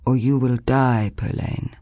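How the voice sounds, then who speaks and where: A woman voicing a stern, commanding old village woman who speaks firmly and calmly. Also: a bass voice, a little slow, dry recording, studio quality. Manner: firm, commanding.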